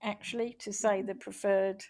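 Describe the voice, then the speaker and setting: A woman activist reading her own poem in a slow, rhythmic recitation, then talking casually, over a video call. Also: medium pitch, little pitch movement, a little mellow. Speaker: poet and activist.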